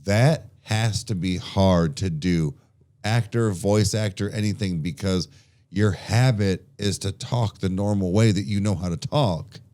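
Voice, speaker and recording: Deep-voiced man rambling on a podcast. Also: a little slow, mellow. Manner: rambling, restarts often, swears casually. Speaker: podcast co-host. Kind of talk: casual chat.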